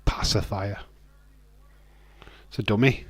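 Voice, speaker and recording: Slow-talking British man bantering. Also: fairly low pitch, dry recording. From United Kingdom. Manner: joking, ranting banter with laughs. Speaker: livestream host. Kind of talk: casual chat answering live chat.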